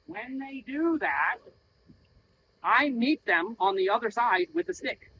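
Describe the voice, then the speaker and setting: A man's voice: very high-pitched, big pitch swings, takes it slowly, sharp tone, a little hiss or hum, low-quality recording. A man working as a horse trainer, coaching bluntly while riding, swearing freely and acting out little voices to make his point. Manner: blunt, profane, acts out voices to explain. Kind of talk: coaching during a training session.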